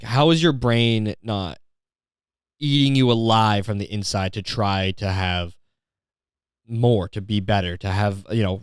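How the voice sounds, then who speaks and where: Smooth-voiced man ranting with profanity. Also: fairly low pitch, no echo, clean studio sound. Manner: swearing, exasperated, sarcastic storytelling. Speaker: podcast host. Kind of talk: profane comedic rant.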